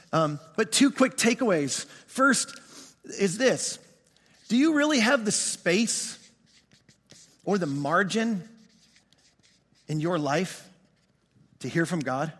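A man preaching in a large church auditorium, his voice high and bright as it rings out with a long hall reverb. He tells his story with animation and acts out each side of the conversation. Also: animated, unhurried, long pauses. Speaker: pastor. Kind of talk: storytelling sermon.

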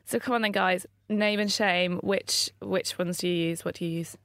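A woman's voice: lowish voice, steady tone, normal speed, a bit bright, dry recording, studio quality. A woman hosting a podcast in a chatty, upbeat manner. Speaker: podcast host.

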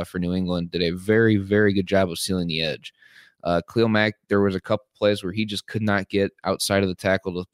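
Hoarse guy w/ a really deep voice rattling off sports analysis fast, lots of uh's, dry close sound. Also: no room sound. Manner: fast, filler-heavy analysis with many "uh"s. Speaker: podcast co-host. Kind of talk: sports podcast discussion.

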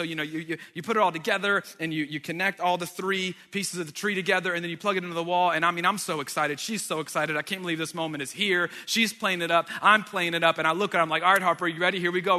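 Bright-voiced man preaching in echoing hall. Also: high-pitched. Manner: joking asides to the audience. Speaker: pastor. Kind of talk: sermon storytelling. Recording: long reverb of a large hall.

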